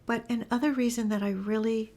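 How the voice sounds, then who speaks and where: A woman teaching animal communication in a casual spoken lesson, enthusiastic and storytelling, with her voice often sinking into a breathy whisper. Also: a little high, fairly even intonation, brisk, darkish tone.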